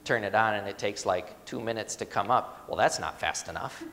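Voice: deep voice, normal speed, vocal fry, fairly bright tone, a little hiss or hum. Pastor preaching in a reverberant church. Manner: emphatic, rhetorical questions, conversational asides. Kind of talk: sermon.

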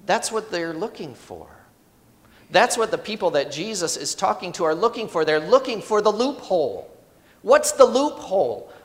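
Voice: medium pitch, sing-song, moderate pace, long reverb tail. A pastor preaching a sermon in a conversational, emphatic way, asking the congregation rhetorical questions.

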